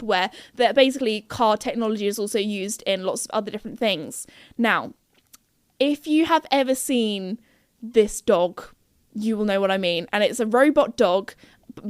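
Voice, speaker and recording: A woman's voice: a little high, no echo, studio quality. A young woman hosting a podcast, chatting in a bubbly, rambling way, full of fillers. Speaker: podcast host. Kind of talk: casual chat.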